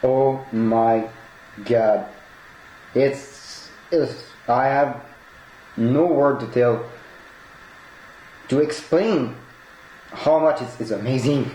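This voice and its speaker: Man, non-native English speaker, hosting an excitable home unboxing vlog; talks slowly, swears and laughs a lot; roomy, noisy recording. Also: mid-range voice. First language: not English. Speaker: collectibles unboxer. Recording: echoey room with noisy background.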